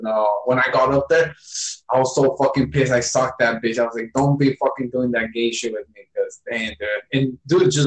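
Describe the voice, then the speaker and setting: A young man tells a story in loose casual chat, swearing constantly and padding every line with fillers. His voice is mid-pitched, and the room around him rings with echo. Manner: heavy swearing, rambling storytelling with lots of fillers. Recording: echoey room.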